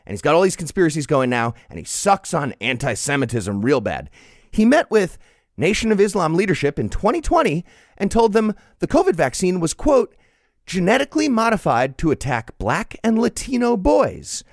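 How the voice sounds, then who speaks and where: A man's voice: high-pitched, big pitch swings, moderate pace, no room sound, clean studio sound. A man co-hosting a comedy news podcast, reading quotes aloud with sarcastic comic emphasis. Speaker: podcast co-host. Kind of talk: casual comedic news chat.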